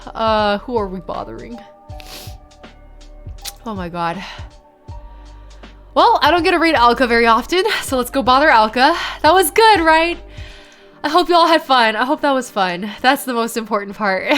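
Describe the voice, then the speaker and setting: A woman's voice: a little high, normal speed, long pauses, soft background music. Young woman streamer reading aloud. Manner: reads documents flatly, then gets tearful and giggly. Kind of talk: live-stream reading and chat.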